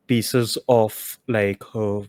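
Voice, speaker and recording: A man's voice: fairly low pitch, little pitch movement, extremely slow, darkish tone, no room sound. A man narrating a tabletop game as dungeon master, casual and loose with many filler words.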